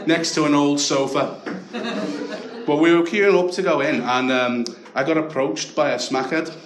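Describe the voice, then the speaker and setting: Young Scouse man, stand-up comedy, deadpan with shouted punchlines, slightly higher voice, echoey club, audience laughter. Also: moderate pace, background noise. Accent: Liverpool.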